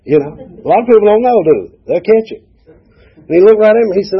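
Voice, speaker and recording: A man's voice: high-pitched, animated, fast talker, slightly rough. A man, sharing a folksy, humorous personal story at a recovery meeting, acting out the dialogue. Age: 40s. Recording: dull lo-fi recording.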